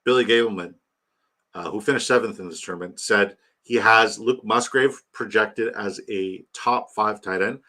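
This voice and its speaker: A man's voice: fairly low pitch, moderate pace, bright, forceful tone. A man hosting a casual livestream, rambling about his draft, reading chat aloud and hyping a giveaway. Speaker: livestream host.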